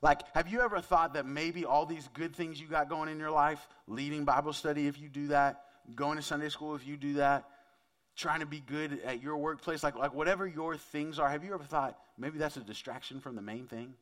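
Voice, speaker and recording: This male pastor talks briskly in a steady, fairly bright voice that's a little high. His sermon feels casual and conversational, with frequent questions aimed at his audience.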